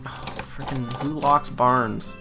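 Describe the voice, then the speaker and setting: A man's voice: medium pitch, fairly even intonation, slow. A man giving joking, playful commentary while playing a video game. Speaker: gamer. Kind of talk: let's play commentary. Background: game music.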